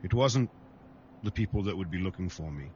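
A man's voice: deep voice, animated, a little fast, warm tone, a little hiss or hum. A man playing a tabletop game, speaking in character in an earnest, rambling way. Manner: earnest, rambling, clears throat. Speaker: player. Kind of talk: in-character tabletop role-play. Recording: dull lo-fi sound.

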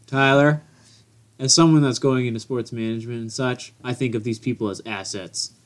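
A man's voice: medium pitch, fairly even intonation, moderate pace. A young man co-hosting a casual hockey podcast, tossing in dry teasing quips. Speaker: podcast co-host. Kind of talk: casual sports chat.

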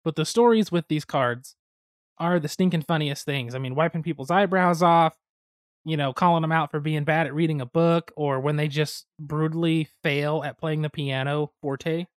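A man from the United States, co-hosting a podcast, telling board-game stories in a lively, chatty way with sudden fast bursts. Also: a little high, no room sound, clean studio sound. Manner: animated storytelling, quick bursts of speed. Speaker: podcast co-host. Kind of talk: casual chat about board games.

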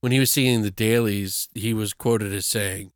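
A woman's voice: very deep voice, fairly even intonation, moderate pace, very noisy. A woman co-hosting a podcast, chatting casually about a film and making dry joking asides. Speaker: podcast co-host.

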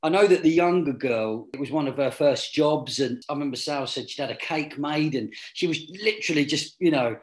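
Animated man, slightly high voice. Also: fairly quick, hardly any pauses. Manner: animated, laughing, rambling restarts. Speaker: actor guest. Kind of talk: casual chat.

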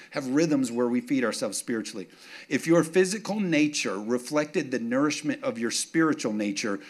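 A middle-aged man preaching a sermon, telling self-mocking stories with humor and often asking the congregation if they are with him. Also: medium pitch. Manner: animated, asks congregation for response. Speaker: pastor.

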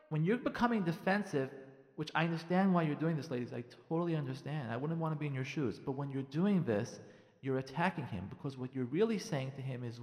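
A man, a rabbi, giving marriage advice in a radio talk, animated and repeating lines for emphasis while acting out the dialogue he describes. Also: on the high side, quick pace, in a large hall.

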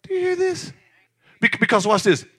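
A man preaching a sermon as pastor, lively and repetitive, with laughs and shouted emphasis. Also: very high voice, normal speed, breathy edge.

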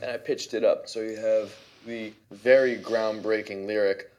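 A man's voice: on the low side, fairly even intonation, moderate pace, darkish tone. A man, a musician and producer, casually walking through how he built his song, chatty and loose with lots of fillers. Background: faint playback of his own track.

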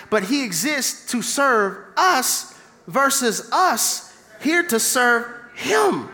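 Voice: mid-range voice, a bit bright. A preacher delivering an impassioned call-and-response sermon with humor. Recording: long hall reverb.

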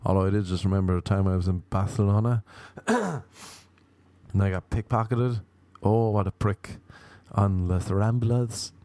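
Wry, rambling Irish man, low mellow voice. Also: moderate pace, no room sound. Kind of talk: casual comedic monologue.

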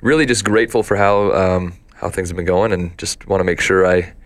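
Low-voiced man telling rambling stories. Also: steady tone, brisk, no echo. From Canada. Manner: chatty storyteller with many fillers and restarts. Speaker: guest, country singer and doctor. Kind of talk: casual interview chat.

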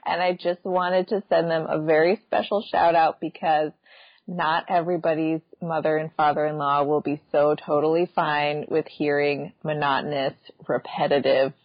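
A woman co-hosting a podcast in casual chat, quick with remarks and laughing easily. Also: low voice, no room sound, lo-fi sound. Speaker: podcast co-host and musician.

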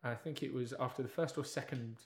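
A man telling a long anecdote in casual chat, acting out the people in it and dropping to a hush for the quiet parts. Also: medium pitch, fairly quick. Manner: animated storyteller, drops to hushed tones for quotes. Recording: roomy echo.

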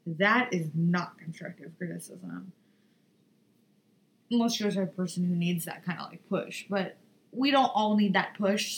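A woman's voice: mid-range voice, a little hiss or hum, low-quality recording. Blunt, swearing young woman podcaster. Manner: blunt, swears freely, rambling. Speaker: podcast host. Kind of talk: casual chat.

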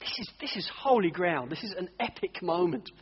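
A man preaching a sermon, telling stories with animated, acted-out voices. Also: high voice, brisk. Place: church hall. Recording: dull audio, long church reverb.

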